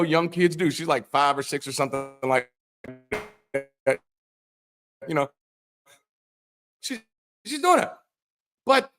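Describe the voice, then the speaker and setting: A middle-aged man on a Bible commentary show with a lively voice that jumps far up and down. He swings from slow, solemn preacher cadence to cursing, incredulous outbursts, irreverent and animated throughout. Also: on the high side. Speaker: ex-pastor host.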